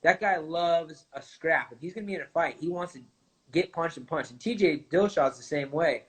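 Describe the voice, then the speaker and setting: A man talking as a guest in a casual conversation, relaxed and rambling with many fillers. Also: fairly high pitch, brisk. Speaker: guest, fighter.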